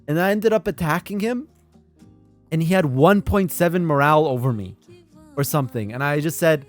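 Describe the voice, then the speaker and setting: A man's voice: fairly high pitch, moderate pace, faint music behind. A man hosting a live strategy game stream, commenting eagerly to his chat and breaking into laughs. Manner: excitable, laughs and talks to chat. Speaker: streamer and lobby host.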